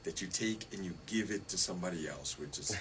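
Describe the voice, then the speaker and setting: A man's voice: sits low, brisk, a bit bright, a little hiss or hum, poor audio. A man as a radio guest, chatting casually about stress and wellness, laughing often and asking "you see?".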